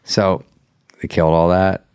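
A man's voice: low voice, measured pace, smooth, dry recording, clean studio sound. A middle-aged man on a podcast, chatting casually and acting out quotes as he tells stories. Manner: animated storytelling, acts out quotes. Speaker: late-night host, guest.

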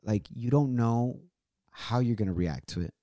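A man's voice: medium pitch, normal speed, warm tone, dry recording. Earnest guy in his 30s chatting from a home studio, dry sound. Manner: earnest, mixes in Spanish words. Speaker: co-host. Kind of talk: casual heartfelt chat.

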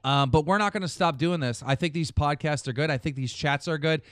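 Male podcast host, higher-pitched, dry close mic, profane and animated. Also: a little fast, no room sound. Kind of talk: casual podcast chat.

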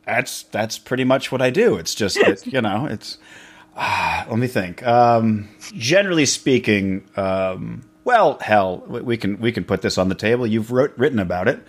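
A man's voice: on the low side, big pitch swings, normal speed. A man hosting a candid, casual conversation, joking and rambling with frequent restarts. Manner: rambling, jokey, stammering restarts.

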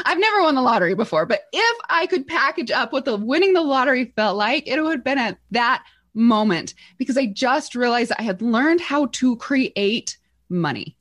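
A woman telling a motivational story, animated, acting out the voices in her quotes with big jumps in pitch. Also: normal speed. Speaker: guest speaker.

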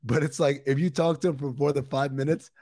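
A man's voice: fairly high pitch, steady tone, a little fast, a little mellow, husky, dry recording, clean studio sound. A man co-hosting a podcast, telling stories in loose, laughing banter full of profanity. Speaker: podcast co-host. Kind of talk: casual chat.

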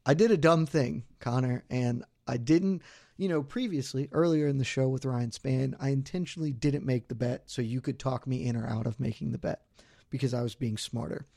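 A man's voice: medium pitch, normal speed, gravelly, darkish tone, no room sound, studio quality. A man co-hosting a sports betting podcast, talking loosely and poking fun at himself as he walks through his wagers. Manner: loose, rambling, self-deprecating. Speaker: podcast co-host. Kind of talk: casual betting podcast chat.

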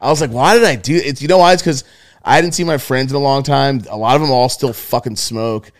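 A man's voice: mid-range voice, fairly even intonation, no echo. Swearing young man on a dry podcast mic. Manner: swearing, rambling, quick reactions. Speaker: podcast co-host. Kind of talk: casual chat.

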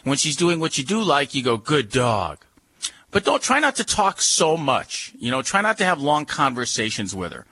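A man's voice: a little high, sing-song, a little fast, hardly any pauses, sharp tone, no echo. A man giving dog training advice on a radio call-in show, folksy and repetitive as he coaches.

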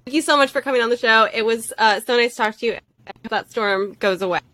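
A woman's voice: fairly high pitch, quick pace, bright, forceful tone, no echo. A woman hosting an interview, upbeat and enthusiastic with her guest. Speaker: interview host. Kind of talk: casual interview chat.

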